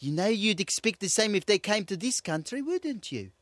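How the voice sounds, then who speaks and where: A man's voice: high-pitched, normal speed, no room sound, studio quality. A man co-hosting a radio show, joking and teasing in casual banter. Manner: playful, teasing, lively. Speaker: radio co-host. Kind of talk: casual comedic radio chat.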